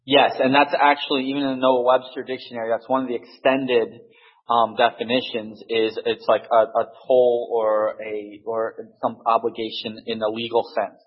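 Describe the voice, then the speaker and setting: Man, casual storyteller in a group discussion; husky voice, full of restarts and fillers. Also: medium pitch, flat delivery, muffled recording. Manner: halting, many restarts and fillers.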